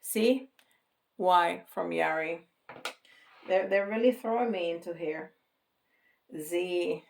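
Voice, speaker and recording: A woman giving a casual tarot reading to viewers, slow and reassuring, with frequent light laughter. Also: fairly low pitch, vocal fry, a little mellow, slight background noise. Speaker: tarot reader. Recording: roomy, from a distance.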